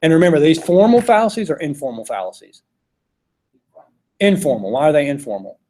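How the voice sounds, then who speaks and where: This man's fairly quick, mellow voice leans high and sounds animated as he teaches philosophy. He keeps the classroom lecture casual and conversational, quizzing his students as he goes.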